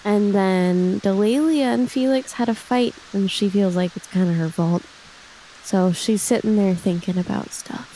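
A woman's voice: mid-range voice, unhurried, mellow, slight background noise. A woman playing a tabletop game, describing her character casually with many filler "like"s. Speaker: player.

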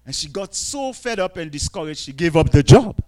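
A man preaching a sermon, dropping to quiet asides and rising to loud, drawn-out scripture readings, asking the congregation to answer back. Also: on the high side, sing-song, rough recording. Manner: calls out to the congregation for responses.

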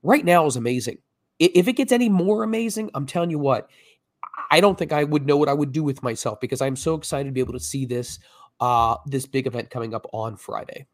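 A man co-hosting a podcast, hyping an event and pushing ticket sales with emphatic, excited talk. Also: mid-range voice, fast, dry recording, clean studio sound. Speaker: podcast co-host. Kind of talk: promotional podcast hype.

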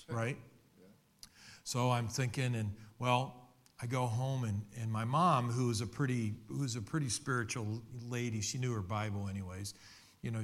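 A middle-aged man preaching a sermon, telling a personal testimony in an earnest, conversational way with many restarts. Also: medium pitch. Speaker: pastor.

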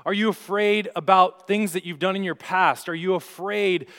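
A man's voice: high-pitched, fairly even intonation, normal speed, a bit bright. A young man preaching a sermon as pastor, telling stories earnestly with rising and falling emphasis. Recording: long hall reverb.

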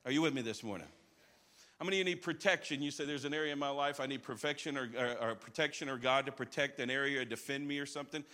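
Speaking fast at a medium pitch, an energetic male pastor preaches live in a large, reverberant church auditorium. He rallies the congregation with call-outs throughout the sermon.

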